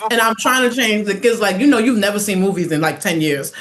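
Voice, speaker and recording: A woman's voice: medium pitch, lively intonation, quick pace. A woman in her forties from New York City, a podcast guest talking in a casual, outspoken way. She laughs often and acts out other people's voices in her stories. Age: 40s.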